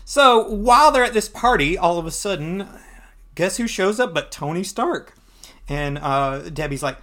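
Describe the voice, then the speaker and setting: A man's voice: fairly high pitch, normal speed. A man hosting a podcast who recaps a comic book in a chatty, snarky way. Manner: chatty, snarky, animated retelling. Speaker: podcast host.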